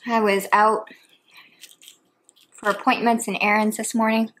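A woman's voice: mid-range voice, level tone, unhurried, fairly bright tone, a little hiss or hum. A woman chatting casually between bites in a home eating video. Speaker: mukbang vlogger. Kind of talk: casual chat while eating.

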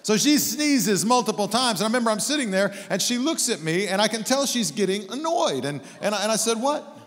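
A middle-aged man preaching a sermon as a guest pastor, with an animated, humorous storytelling manner. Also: high voice, a little fast. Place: church sanctuary. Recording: long hall reverb.

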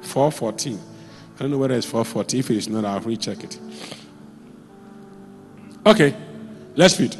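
A man preaching a sermon as a pastor, telling stories with sudden jumps in pitch and loudness. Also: moderate pace, pauses often, in a large hall, soft background music. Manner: animated storytelling, with sudden jumps in pitch and volume. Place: church.

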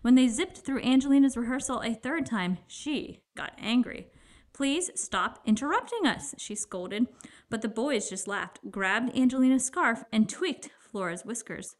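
A woman's voice: on the high side, a little slow. Woman reading a children's book aloud. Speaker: storybook narrator.

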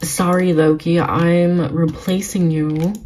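A young woman vlogging as she plays a video game, giggly and gushing, often breaking into excited exclamations. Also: fairly low pitch, takes it slowly, background noise. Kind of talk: excited gaming vlog commentary.

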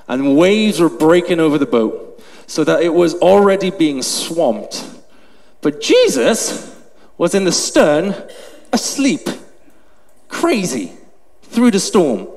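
A man's voice: on the high side, creaky. A man preaching a sermon, animatedly acting out a story and out of breath. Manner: animated, acts out the scene. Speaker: pastor. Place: large church hall. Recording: long hall reverb, faint noise.

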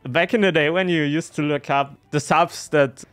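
Excitable Italian-accented man, swearing freely. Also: fairly high pitch, moderate pace, clear, resonant tone, soft background music. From Italy. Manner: excitable, swears a lot, tags lines with "right?". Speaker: reaction video host. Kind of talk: casual reaction commentary.

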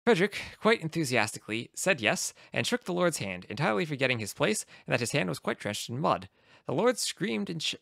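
A man reading a comic fantasy story aloud in a wry, deadpan narrating manner. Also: mid-range voice, vocal fry, no echo, studio quality. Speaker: reader of fantasy game lore.

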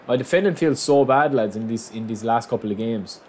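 A man commentating on his own football video game match, excitable, calling his viewers lads and bursting into shouts at big moments. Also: medium pitch, brisk, slight background noise. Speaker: gaming YouTuber.

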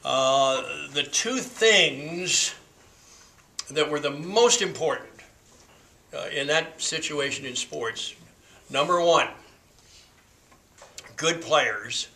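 A man in his seventies telling a story to a class in a folksy, unhurried way with frequent fillers. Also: on the high side, pushed and bright, rough recording. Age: 70s. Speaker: class speaker.

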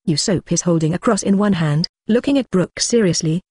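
A text-to-speech voice reading an audiobook as narrator, with an even machine-read delivery. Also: mid-range voice, moderate pace, few pauses, slightly rough, dry recording, clean studio sound. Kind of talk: scripted narration read aloud.

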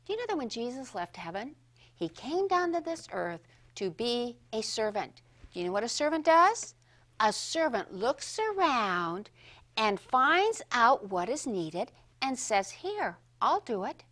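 A woman teaching a children's Bible lesson, speaking slowly and expressively and leading the children in call-and-response. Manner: slow, sing-song, highly expressive storytelling.

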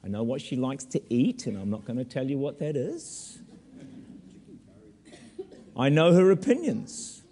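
A man preaching a sermon as pastor in a church, animated with humorous asides. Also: medium pitch, brisk, hardly any pauses, in a large hall, slight background noise.

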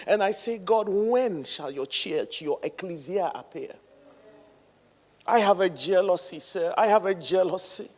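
A woman's voice: lowish voice, husky. A woman reverend preaching a sermon with emphatic, repetitive phrases that build in cadence. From England. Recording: long reverb of a large hall.

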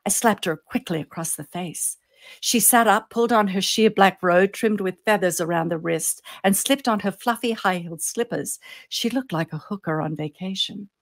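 A woman, an author reading her own fiction aloud, telling it with suspense and letting phrases fall softly at the end. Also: medium pitch, moderate pace. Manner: storytelling, drops softly on ends of phrases, lifts on suspense.

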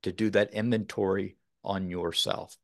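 A man's voice: low voice, level tone, normal speed, vocal fry, no room sound, clean studio sound. A man from Texas, a podcast guest, talking earnestly in a rambling way with many fillers. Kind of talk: casual interview talk.

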